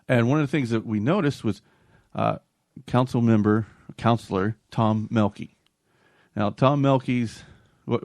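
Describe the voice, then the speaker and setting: A man's voice: on the low side, a little mellow, no echo. Joking male podcast host, dry sound. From North Carolina. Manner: loose, joking, with frequent restarts. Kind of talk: casual podcast chat.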